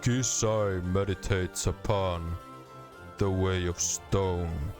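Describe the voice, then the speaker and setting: A man voicing a stern, ponderous stone-like warrior monk who speaks very slowly and refers to himself by name. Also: deep voice, fairly even intonation, music in the background. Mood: solemn.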